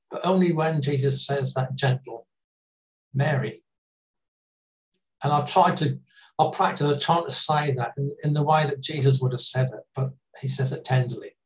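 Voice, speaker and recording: A man's voice: mid-range voice, recorded from a distance, rough recording. Man preaching, a bit off-mic. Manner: conversational, gently humorous, with pauses and restarts. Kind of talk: sermon.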